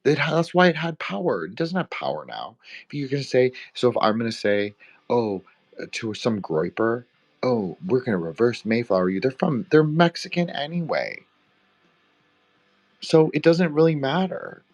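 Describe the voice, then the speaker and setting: A man's voice: medium pitch, big pitch swings, normal speed. A young man from Canada, co-hosting a podcast roundtable in a rambling, profane, filler-heavy casual chat. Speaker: podcast co-host.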